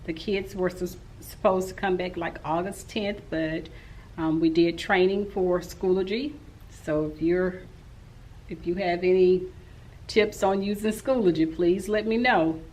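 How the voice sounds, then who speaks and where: A woman's voice: fairly low pitch, fairly even intonation, unhurried, darkish tone, poor audio. A woman in her forties, a teacher, recapping her day in a casual, rambling vlog. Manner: rambling and talkative.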